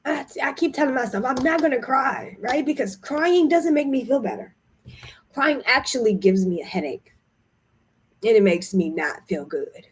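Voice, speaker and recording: A woman's voice: sits high, animated, moderate pace, slight background noise. A young woman talking frankly to her camera about feeling tired and unwell, candid and emotional. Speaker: vlogger running group trips. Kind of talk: casual vlog talk.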